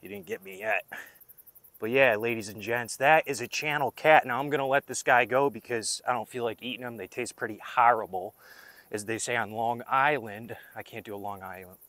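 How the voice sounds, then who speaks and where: A man's voice: medium pitch, normal speed, pushed and bright, no room sound. A young man hosting a fishing vlog, joking and rambling to his viewers while he fishes by a river at night. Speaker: fishing vlogger. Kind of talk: casual vlog narration.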